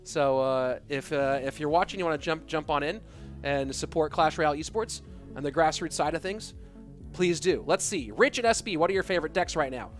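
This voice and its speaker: Higher-pitched American man casting esports. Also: lively intonation, a little fast, faint music behind. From California. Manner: chatty, reads chat questions aloud. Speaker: esports caster and stream host. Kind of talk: live esports commentary.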